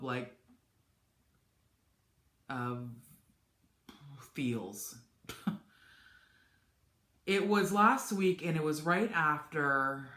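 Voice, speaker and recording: A woman's voice: rumbling low, a bit bright. Woman, casual vlog chat, candid, rambling, home office, echoey room. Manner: candid, rambling, frequent restarts. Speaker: vlogger.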